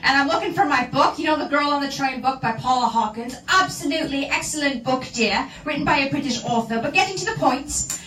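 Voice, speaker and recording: A woman co-hosting a radio talk show, telling stories in an animated way and acting out the voices. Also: sits high, fairly quick, roomy sound, recorded from a distance, rough recording. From Canada. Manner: animated storyteller, acts out quotes. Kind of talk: casual radio chat.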